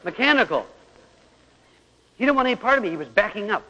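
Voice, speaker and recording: Middle-aged preacher telling a family story, dull echoey tape. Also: male voice, sits high, sing-song, fast talker, bright, forceful tone. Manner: storytelling, acting out his son's cries and his own words. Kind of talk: sermon with personal story. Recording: old lo-fi tape in a large hall.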